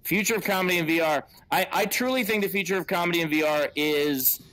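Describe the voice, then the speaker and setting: Profane comic emcee on a headset. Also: male voice, sits high, bright, forceful tone. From United States. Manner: profane, self-mocking, quick asides. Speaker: stand-up comedian hosting a show. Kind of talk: casual stand-up banter. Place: at home, in a virtual-reality venue.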